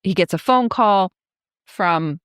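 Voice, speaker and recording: A woman's voice: medium pitch, expressive, slow, a bit bright, clean tone, dry recording, studio quality. A woman co-hosting a podcast, retelling a film's plot in casual chat, laughing often as she acts out the characters' lines. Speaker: podcast co-host.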